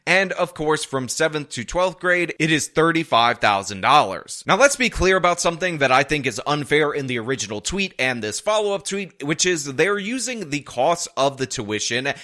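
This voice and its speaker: A man delivers opinion commentary straight to his viewers, pressing every point with insistence. His voice is bright and tense, at a middle pitch for a man. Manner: emphatic, argumentative, repeats points. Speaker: political commentator.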